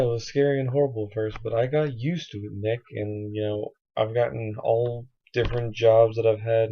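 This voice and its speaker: Young man with a cold, chatty. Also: lowish voice. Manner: rambling and chatty, many fillers. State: has a cold. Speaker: vlogger. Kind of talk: casual video letter to a friend. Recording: dull lo-fi recording.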